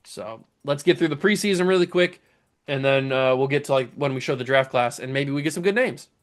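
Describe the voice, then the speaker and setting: A man's voice: medium pitch, brisk. Amused man in casual game commentary. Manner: amused, chatty, laughs at odd names. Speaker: gaming YouTuber host.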